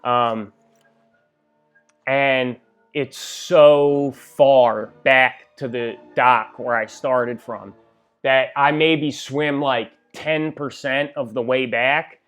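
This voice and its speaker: Guy telling a story from his own life, plain talk, middle pitch, gets loud when it gets tense. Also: fairly even intonation, very slow, clean tone, faint music behind. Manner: plain-spoken, grows louder and higher at tense moments. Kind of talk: casual first-person storytelling.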